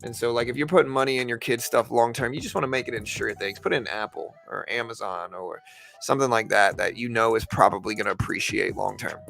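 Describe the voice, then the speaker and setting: A man's voice: mid-range voice, fast talker, creaky, a bit bright, soft background music. A man hosting a trading live stream from home, talking in a rambling, casual way full of fillers like "man" and "like".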